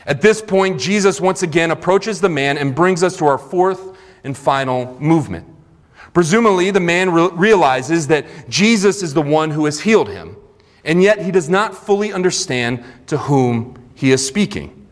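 A man's voice: fairly high pitch, lively intonation, normal speed. A man preaching a sermon in a church sanctuary, retelling scripture earnestly with conversational asides. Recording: long reverb of a large hall.

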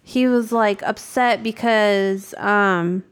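Relaxed woman co-hosting a film podcast. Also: mid-range voice, takes it slowly, clear, resonant tone. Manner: relaxed, laughing, recaps plot with many fillers. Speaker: podcast co-host. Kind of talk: casual chat.

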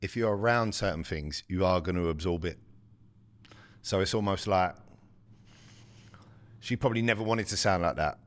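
A man's voice: deep voice, moderate pace, long pauses, a bit bright. A man, bantering bluntly and swearing freely as a podcast co-host. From London. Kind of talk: casual banter.

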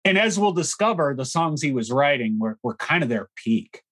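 A man's voice: a little high, big pitch swings, normal speed, fairly bright tone. Male podcast co-host, casual and opinionated, loose delivery full of fillers. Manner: opinionated, frank, with many fillers. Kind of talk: casual chat about music history.

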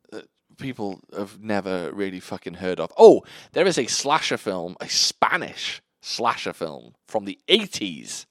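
A man co-hosting a casual podcast chat about films, animated and swearing freely, laughing easily. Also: deep voice, dry recording, studio quality. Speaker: podcast co-host.

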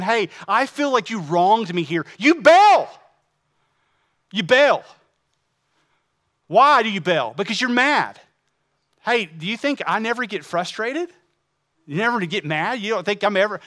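A pastor preaching to his congregation in a high, bright voice. He fires off rhetorical questions and swings from loud, emphatic lines to hushed, close asides. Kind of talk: sermon.

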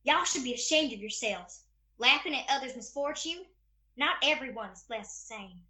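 A stern Southern woman as an actress puts her on delivers a preachy scolding in a broad drawl. Her voice rides a little high and sounds bright and ringing. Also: animated, normal speed, echoey room. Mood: chiding. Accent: American Southern. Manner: preachy, chiding.

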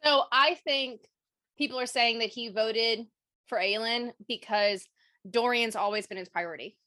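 A woman co-hosting a book podcast, chatting casually and retelling scenes with quick "she's like" asides. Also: on the high side, sharp tone, no room sound. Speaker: podcast co-host. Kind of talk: casual book-club chat.

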